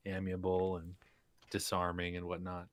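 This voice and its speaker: A man playing a tabletop role-playing game, chatting in an animated, joking way. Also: low-pitched, moderate pace, dry recording. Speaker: player.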